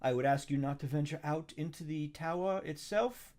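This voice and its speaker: Man putting on a fussy servant voice, high and eager, courteous, hurried. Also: darkish tone, close to an everyday voice. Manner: high, quick, courteous pleading.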